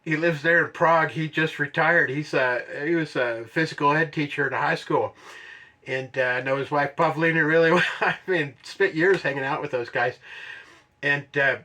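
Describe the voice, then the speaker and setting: Bright-voiced older man telling a story. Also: on the high side, moderate pace. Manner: animated, rambling, laughs often, drawls for emphasis. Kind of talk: casual spoken storytelling.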